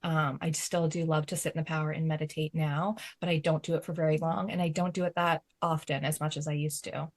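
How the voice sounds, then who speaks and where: A woman's voice: low voice, flat delivery, a little fast, few pauses. A woman medium on a podcast panel, chatting casually with lots of fillers and laughter. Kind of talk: casual chat.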